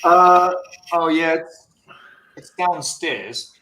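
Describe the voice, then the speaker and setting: A man chatting as a guest on a video call panel, talking in halting starts as he explains his handmade work. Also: fairly high pitch, sharp tone. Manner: halting, restarts when explaining. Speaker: guest maker of acrylic vape mods. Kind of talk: casual panel chat. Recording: echoey room with faint noise.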